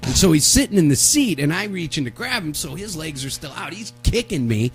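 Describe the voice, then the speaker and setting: A man's voice: a little high, fairly quick, husky, faint music behind. A man telling a long story on a live talk show, acting out the voices of the people in it. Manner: animated, acts out the voices of people in his story. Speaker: radio show co-host.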